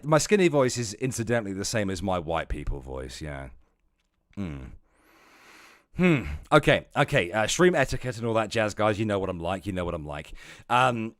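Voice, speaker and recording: A man chatting casually on a livestream, profane and rambling, jumping between loud outbursts and low muttering. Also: expressive, moderate pace, no room sound, clean studio sound.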